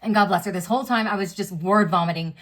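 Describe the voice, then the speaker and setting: A woman's voice: medium pitch, fast talker. A woman in her thirties, a vlogger, telling a personal story in a candid, chatty way full of fillers and reenacted dialogue.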